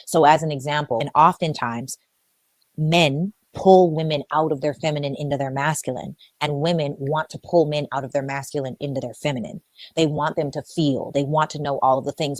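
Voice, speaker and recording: Brief: woman, lowish voice, calm explainer, dry close sound. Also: dry recording. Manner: calm and explanatory, acts out example quotes. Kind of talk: explanatory discussion.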